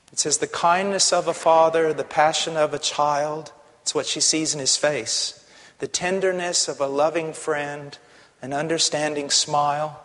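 Man, preacher, sermon, high voice, hushed to shouting, long reverb. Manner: impassioned, swings from hushed to shouting. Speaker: pastor.

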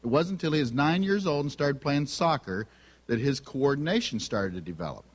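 A man's voice: mid-range voice, expressive, a little fast. A middle-aged man giving a sermon full of humorous personal stories about his family, acting out their dialogue. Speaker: speaker on family and spiritual gifts. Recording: long reverb of a large hall.

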